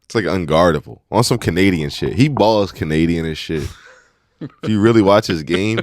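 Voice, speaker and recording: A man with a very deep voice co-hosts a casual podcast. He is laid-back, joking and full of slang. The recording is dry and close. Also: normal speed, no echo. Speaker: podcast co-host. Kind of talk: casual chat.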